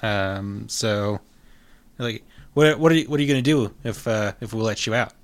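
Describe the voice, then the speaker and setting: A man narrating as game master of a tabletop game in a relaxed, halting way with many pauses. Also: on the low side.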